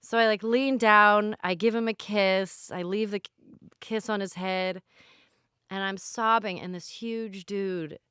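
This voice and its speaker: A woman's voice: medium pitch, steady tone, a little slow, bright, forceful tone, clear, resonant tone, dry recording, clean studio sound. A woman, co-hosting a podcast and telling a rambling, candid story with self-deprecating asides. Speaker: podcast co-host. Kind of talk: casual storytelling chat.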